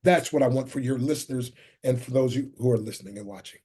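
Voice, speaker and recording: A man's voice: medium pitch, quick pace, mellow, slightly rough. A middle-aged man, a motivational speaker and interview guest, who talks with fervent, preacherly emphasis and often quotes scripture. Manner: fervent, quotes scripture, calls the host "my friend". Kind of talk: preaching-style interview talk.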